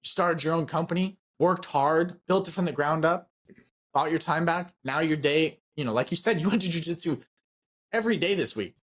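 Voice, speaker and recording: Emphatic, fairly high-voiced man. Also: normal speed, a bit bright. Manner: enthusiastic, emphatic, repeats phrases. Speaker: podcast co-host. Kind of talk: casual podcast chat.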